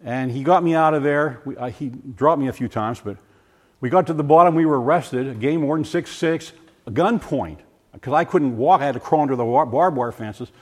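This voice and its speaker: An older man giving a personal testimony, animated and full of restarts, acting out voices as he tells the story. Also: mid-range voice, a little fast. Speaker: former science teacher giving a testimony. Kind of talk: personal testimony talk to a group.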